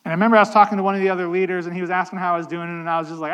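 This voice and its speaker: A man with a fairly high voice preaches in a relaxed, conversational way. He slows down to stress key points. His voice rings in a hall with a long reverb. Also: clean tone. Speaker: pastor. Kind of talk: sermon.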